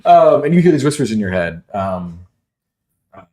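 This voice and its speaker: A man's voice: on the low side, very animated, moderate pace, warm tone. A man narrating a tabletop role-playing game as game master, hesitant and full of ums.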